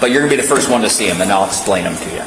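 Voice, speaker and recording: A male police officer calmly walking someone through a breath test in a station room, patient and reassuring. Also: on the low side, rapid-fire. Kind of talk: calm instructions during a breath test. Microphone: body camera. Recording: echoey room with loud ambient noise.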